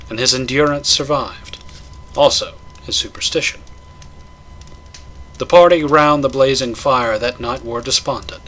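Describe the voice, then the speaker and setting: A man doing a measured, dramatic audiobook-style reading of a horror tale. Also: mid-range voice, sharp tone, slight background noise. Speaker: narrator.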